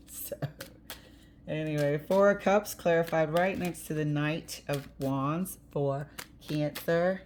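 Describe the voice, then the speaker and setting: Woman tarot reader, low-pitched, chatty and blunt, slight hiss behind. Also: fairly even intonation, slow, darkish tone. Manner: chatty, blunt, laughs easily, occasional swearing. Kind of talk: casual tarot reading.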